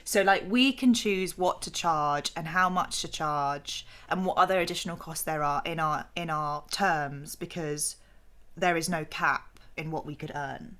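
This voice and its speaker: A woman co-hosting a podcast in casual debate chat, giggly and quick to laugh. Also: sits low, a bit bright. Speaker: podcast co-host.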